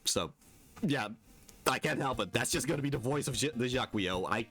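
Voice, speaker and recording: Chatty male game streamer, lively voice. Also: mid-range voice, moderate pace. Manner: chatty, rambling, laughs often. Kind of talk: casual gameplay commentary. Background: game music.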